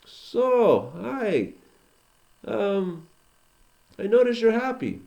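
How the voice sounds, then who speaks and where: A man's voice: high-pitched, big pitch swings, very slow, vocal fry, warm tone, muffled recording, voice pushed up, exaggerated voice. A man voicing a king in disguise who asks probing questions. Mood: curious. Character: curious male king disguised as a porter.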